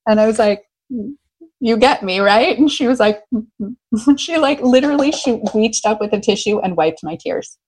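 A middle-aged American woman, a love coach, telling stories in an animated, enthusiastic way during an interview. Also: on the high side, normal speed, slightly rough, low-quality recording. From United States. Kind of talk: conversational interview.

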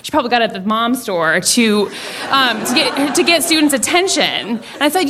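A young adult woman telling a personal story on stage in an animated, self-deprecating way, with frequent fillers. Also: on the high side, moderate pace. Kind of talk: live storytelling.

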